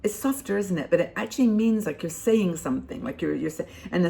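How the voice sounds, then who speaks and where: A woman's voice: on the low side, expressive, fast talker, vocal fry, few pauses, mellow. An older woman hosting a casual advice talk, rambling with many fillers and restarts. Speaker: host.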